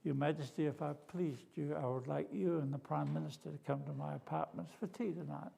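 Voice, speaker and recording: A composed young queen asks politely and quietly, as an Australian preacher puts her on. The voice stays high for a man, with a gravelly texture. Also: steady tone, fairly quick, full character voice.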